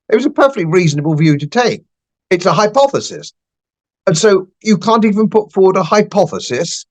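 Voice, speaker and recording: Older guy on a podcast, blunt and forceful, says things twice for emphasis, voice sits a touch high. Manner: blunt, emphatic, repeats phrases for stress. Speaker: podcast guest. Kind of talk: opinionated political talk.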